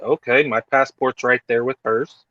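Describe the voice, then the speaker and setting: A man spins an animated story in a relaxed group chat, acting out other people's lines as he goes. His voice sits at an ordinary pitch. The sound is dull and lo-fi, dry and close, like video call audio. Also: unhurried, dry recording. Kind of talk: casual chat.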